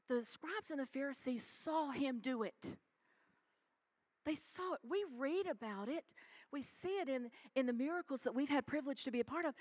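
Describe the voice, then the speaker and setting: A woman pastor preaching a sermon in church, animated and calling out to the congregation. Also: high voice. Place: church sanctuary.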